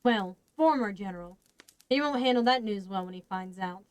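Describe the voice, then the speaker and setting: A woman's voice: mid-range voice, moderate pace, smooth, no room sound, close to an everyday voice, rough recording. A woman voicing a weary, blunt grown man in a storybook reading, talking plainly.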